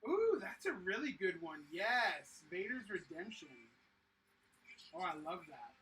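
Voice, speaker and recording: A livestream host chatting casually while building a set and answering viewers, excitable and enthusiastic, with lots of fillers. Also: mid-range voice, a little slow. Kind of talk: casual chat reading viewer comments. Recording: slightly distant mic with faint noise.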